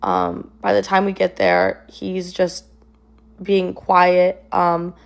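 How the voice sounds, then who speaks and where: A woman's voice: on the low side, sing-song, takes it slowly, gravelly. A young woman casually recounting a personal story, rambling with lots of "like" and "um". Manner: rambling, filler-heavy retelling with many "like" and "um".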